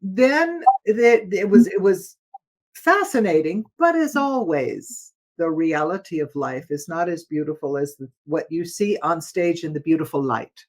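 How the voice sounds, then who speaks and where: An older woman, a former opera singer, telling stories as a guest in a casual interview, expressive and quick to laugh. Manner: expressive, laughs often, dramatic shifts in pitch and loudness.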